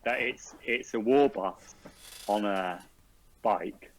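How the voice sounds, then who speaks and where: A man's voice: lowish voice, takes it slowly, rough recording. A man in a casual group chat who thinks aloud and chuckles as he guesses.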